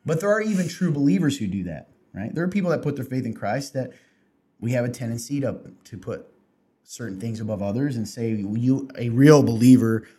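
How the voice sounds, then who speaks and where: A man's voice: mid-range voice, animated, brisk, mellow. A man co-hosting a casual faith podcast, earnestly explaining church teaching in conversation. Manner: earnest, explaining, reads scripture aloud. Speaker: podcast co-host.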